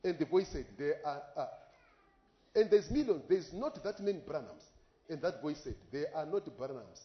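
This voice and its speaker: A man preaching a sermon as an impassioned storyteller whose voice rises sharply on exclamations, paused for live interpretation. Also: on the high side, lively intonation. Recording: echoey, dull lo-fi recording.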